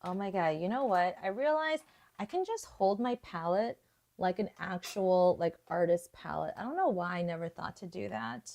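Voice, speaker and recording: A woman's voice: fairly low pitch, lively intonation, normal speed, darkish tone. A young woman hosting a live watercolor painting tutorial, chatting casually, thinking aloud and laughing often. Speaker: art tutorial host.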